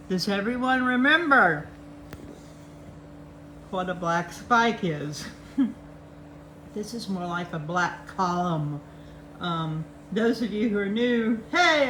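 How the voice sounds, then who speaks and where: A woman's voice: mid-range voice, fairly bright tone. A woman hosting a casual live chat, greeting viewers by name and laughing often. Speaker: livestream host. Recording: echoey room, faint background noise.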